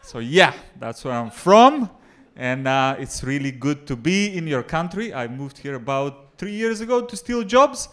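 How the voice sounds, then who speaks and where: A young Macedonian man with a Macedonian accent performing a stand-up comedy set in a club, mixing deadpan jokes with crowd work. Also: fairly high pitch, measured pace, few pauses. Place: comedy club before a live audience.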